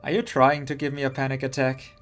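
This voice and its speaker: A man's voice: mid-range voice, flat delivery, brisk, faint music behind, close to an everyday voice. A man voicing a nervous, superstitious young woman who frets anxiously, reading a game's lines aloud. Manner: anxious, fretful.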